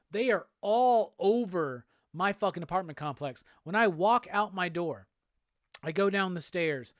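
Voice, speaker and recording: This is a livestream host from the Southern United States, casually chatting and going through viewer comments. He curses freely, stays laid-back, and laughs often. His voice sits high and is a bit bright, with studio-quality sound and no room sound.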